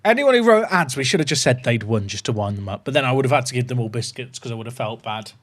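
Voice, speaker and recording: A man chatting casually on a gaming livestream, excitable and rambling. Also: mid-range voice, fast.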